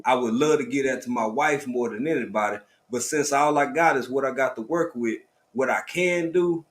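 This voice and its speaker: A middle-aged man hosting a livestream, talking in a heartfelt, preacherly way and calling his listeners family. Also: mid-range voice. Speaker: livestream host. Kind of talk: casual live stream chat.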